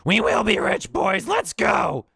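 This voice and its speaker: A man's voice: mid-range voice, big pitch swings, takes it slowly, vocal fry, slightly rough, dry recording, studio quality, voice pushed up, exaggerated voice. A man voicing a cruel, greedy male goblin boss who snarls threats and barks orders. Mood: commanding. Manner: snarling threats, loud and commanding.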